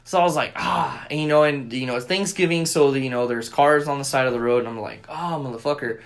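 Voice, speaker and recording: A man's voice: mid-range voice, quick pace. A young man co-hosting a podcast, telling a long story in casual chat, cursing often and acting out what people said. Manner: profane, animated storyteller acting out quotes. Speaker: podcast co-host.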